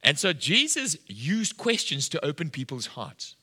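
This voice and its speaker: A man's voice: fairly high pitch, huge pitch swings, measured pace, bright, forceful tone, husky. A middle-aged man preaching a sermon, telling a story and acting out the dialogue with animation. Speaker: pastor. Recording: long hall reverb.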